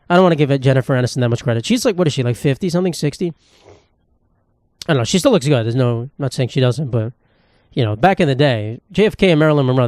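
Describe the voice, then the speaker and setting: A man's voice: medium pitch, a little mellow, dry recording, clean studio sound. A young man hosting a solo comedy podcast, rambling and sarcastic, swearing freely. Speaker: podcast host.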